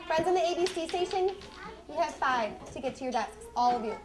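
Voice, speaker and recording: A woman elementary teacher with a high voice runs a reading lesson. She gives brisk, firm directions to the children and hands out quick praise as she moves along. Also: lively intonation. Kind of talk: classroom instruction. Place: elementary classroom.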